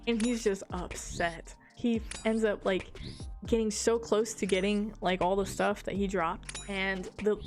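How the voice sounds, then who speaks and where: A woman's voice: medium pitch, unhurried, soft background music. A woman streamer casually telling a funny gaming story, giggling often, swearing, and quoting a friend's lines. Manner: giggly, swearing, animated retelling with quoted dialogue.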